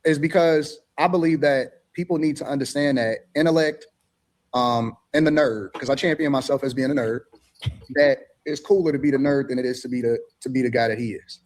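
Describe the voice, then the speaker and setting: Fast-talking blunt man on a panel. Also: medium pitch. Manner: forceful, blunt, swears. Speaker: guest. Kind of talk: heated panel discussion.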